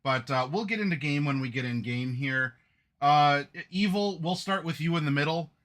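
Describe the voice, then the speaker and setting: A man's voice: a little high, normal speed, a bit bright. A man hosting as game master, chatting casually with his players, with many fillers and frequent laughs. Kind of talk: casual chat.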